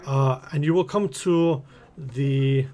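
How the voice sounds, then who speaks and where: A man voicing a brisk male merchant in a port city, speaking in a put-on accent for a tabletop game. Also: medium pitch, mellow. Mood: helpful.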